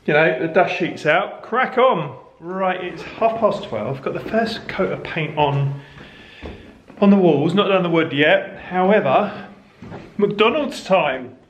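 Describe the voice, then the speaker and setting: A man's voice: high-pitched, animated, slow, highs cut off. A middle-aged British man hosting a family home vlog, chatting casually and jokingly. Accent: British English. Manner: chatty, jokey, says "well nice" and "me app". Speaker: vlog host. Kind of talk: casual chat. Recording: echoey room, faint background noise.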